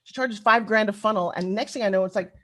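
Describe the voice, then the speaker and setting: A woman's voice: mid-range voice, quick pace. A middle-aged woman telling stories in a chatty conference keynote and speaking straight to the audience. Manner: animated, chatty, addresses the audience directly.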